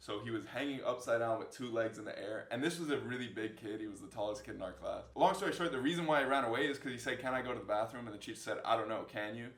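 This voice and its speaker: A man in his twenties, a social media creator, races through fan questions in a casual vlog with hardly any pauses, rambling through funny stories and laughing at himself. His mid-range voice is a bit bright, and the indoor room with a fill light sounds roomy.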